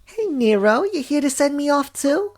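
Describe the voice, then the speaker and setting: A man's voice: very high-pitched, sing-song, moderate pace, pitched above the performer's own voice, heavily acted. A man voicing a headstrong, cynical young woman in a visual novel reading, brusque and teasing. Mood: playful.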